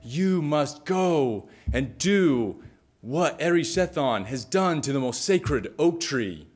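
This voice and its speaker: A man's voice: fairly high pitch, expressive, slow pace, darkish tone, voice pushed up. A man voicing an angry goddess of the earth, speaking with indignant command. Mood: outraged.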